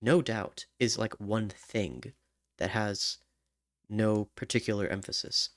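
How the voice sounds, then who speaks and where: A man mutters to himself at a computer, slow and halting as he works on song lyrics. Between tries he hums wordless tunes. His voice sits close and dry, with no room sound. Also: fairly low pitch, fairly even intonation, dry recording. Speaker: songwriter. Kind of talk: thinking aloud while writing lyrics.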